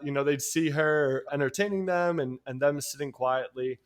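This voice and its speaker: This New York co-host has a fairly high-pitched voice and speaks at a normal speed. In a laid-back podcast conversation he tells a long, meandering story in his New York accent, with easy swearing and lots of laughter.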